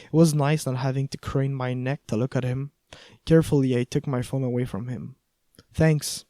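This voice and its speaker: A man's voice: medium pitch, flat delivery, brisk, mellow, no room sound. A man reading a first-person audiobook in a wry, conversational way. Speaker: audiobook narrator.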